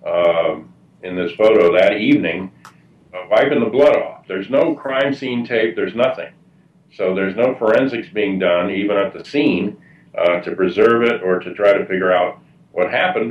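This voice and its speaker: A man speaking as a guest at a public talk, answering at length in a halting way with many fillers and restarts. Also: low voice. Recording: distant muffled roomy mic.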